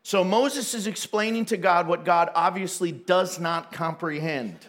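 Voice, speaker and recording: A man's voice: sits high, unhurried, a bit bright. A man giving a casual, playful sermon, often laughing and acting out the voices of the people in the story. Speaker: preacher.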